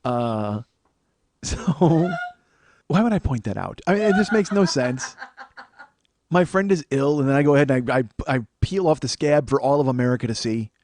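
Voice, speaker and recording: A man's voice: medium pitch, lively intonation, normal speed, a little mellow, no room sound. A man in his forties from Chicago, a podcast host riffing through a sarcastic, profane comedic monologue in a small studio.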